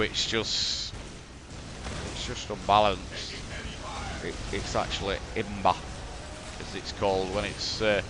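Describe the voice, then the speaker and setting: Commentating on a replay of a strategy game he played himself, this Yorkshire-accented man from England keeps up a stream of exasperated, blunt, swear-filled banter. He speaks at a medium pitch over a noisy background.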